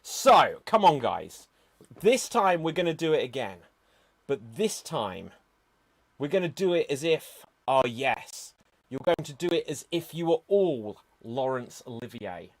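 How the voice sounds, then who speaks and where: A man's voice: on the high side, sing-song, unhurried. A man playing an exasperated director in an improv comedy show, bossy and dramatic as he stops and restarts scenes. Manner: exasperated, bossy director, calls "cut" and "action".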